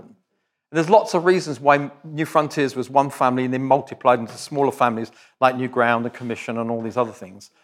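A man preaching as a visiting speaker, direct and conversational, with joking asides to the congregation. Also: mid-range voice. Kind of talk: sermon.

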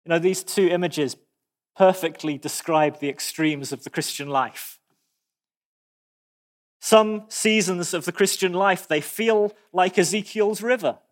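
A man preaching a sermon, expressive, with dramatic pauses and animated asides. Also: high voice.

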